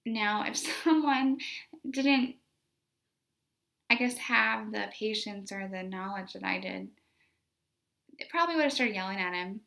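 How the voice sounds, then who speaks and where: A woman's voice: medium pitch, measured pace, creaky, pauses often, sharp tone. A young woman, a special education teacher, telling a story from her classroom in a casual, conversational way, full of "like" and "you know".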